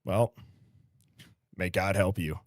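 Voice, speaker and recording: Upbeat Midwestern male streamer, lowish voice, dry mic, reads chat casually. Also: no echo. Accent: American Midwest. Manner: upbeat, chatty, quick shout-outs with light laughs. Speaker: livestream host. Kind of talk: casual chat reading viewer comments.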